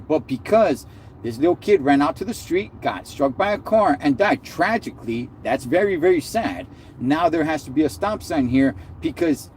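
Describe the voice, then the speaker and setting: A man rants on a live stream, heated and sarcastic, his voice swinging up and down a lot and sitting a bit high. He throws in slang and repeats himself as he talks. A faint hum of traffic sits behind him. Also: a little mellow. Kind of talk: ranting casual live stream.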